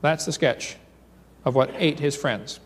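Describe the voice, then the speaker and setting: A man giving a seminar lecture, telling stories in an animated way and reading accounts aloud. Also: on the high side, unhurried, slight background noise. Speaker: creationist seminar speaker. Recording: reverberant lecture hall.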